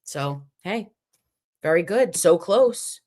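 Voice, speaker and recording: Lively, low-voiced woman streamer. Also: slow pace. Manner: animated, chatty, acts out quotes. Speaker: livestream host. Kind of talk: casual livestream chat.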